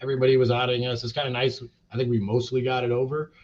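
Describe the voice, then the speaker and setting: A man's voice: medium pitch, level tone, racing, a little mellow. A man being interviewed as a company chief, talking in a blunt, profane, rambling way full of fillers. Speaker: cannabis company CEO, interview guest. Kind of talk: casual interview talk. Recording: dull lo-fi podcast audio.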